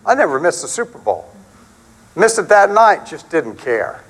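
A middle-aged man preaching a sermon in a conversational, animated way, acting out quotes and stories. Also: normal speed, rough recording. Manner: animated, conversational, acts out quotes with big pitch swings.

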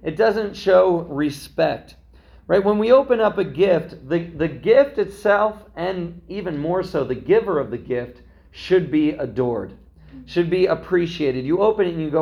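Conversational preaching man, slightly high. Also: expressive, unhurried, gravelly, darkish tone. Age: young adult to middle-aged, a parent. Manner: conversational preaching, frequent "right?" asides. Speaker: pastor. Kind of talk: sermon.

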